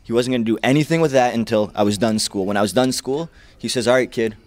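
A man who talks quickly and with energy, his words tumbling out as he tells stories and gives advice. He acts out the words of his mentors with lively shifts. The sound is close and dry. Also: mid-range voice, no room sound. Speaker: guest wrestler. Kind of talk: interview, telling stories and advice.

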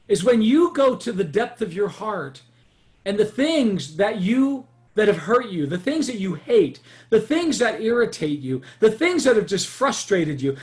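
High-voiced impassioned male pastor. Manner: impassioned, acts out prayers and quotes, often raises voice. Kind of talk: sermon.

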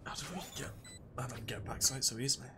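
A man's voice: mid-range voice, fairly even intonation, fast talker, over loud music. A man streaming a shooter game, chatting casually, joking and grumbling about his teammates. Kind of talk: casual gaming chat. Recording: noisy stream audio.

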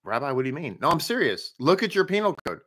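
A rabbi teaching to his online viewers, upbeat and chatty, who keeps putting rhetorical questions to them. His voice is bright and forward and sits somewhat high for a man. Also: very animated, fast talker. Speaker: rabbi teaching a daily Torah study. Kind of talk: live-streamed teaching and greetings to viewers.

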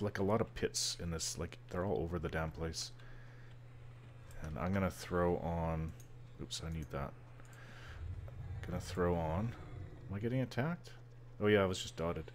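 A low-voiced man from British Columbia, Canada, gives casual commentary on his online game session. He rambles, jokes about himself, and stumbles on words, and there's a little hiss or hum in the recording.

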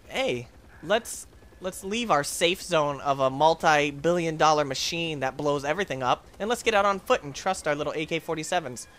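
A man hosting a let's play, commentating his own game with excitable jokes and yelps. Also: on the high side. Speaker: gaming channel host.

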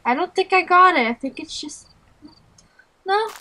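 A woman's voice: extremely high pitch, expressive, normal speed, pushed and bright, low-quality recording. A young woman giving horror game commentary as a let's play gamer, nervous and jumpy, talking to herself and shrieking at scares. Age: young adult.

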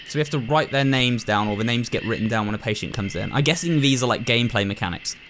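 A man's voice: medium pitch, quick pace, hardly any pauses, a bit bright, slight background noise, poor audio. A man chatting casually to viewers as he plays and comments on a horror game. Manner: chatty, amused asides to viewers. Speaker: gaming video host. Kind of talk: casual let's-play commentary.

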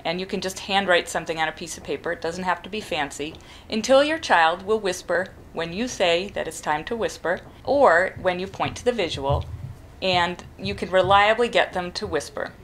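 A middle-aged woman, a parent, calmly explaining step by step how to teach a child to whisper. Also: on the low side, moderate pace, a little hiss or hum. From New England. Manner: calm, practical, demonstrates whispering. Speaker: parent giving advice. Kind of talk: instructional talk to camera.

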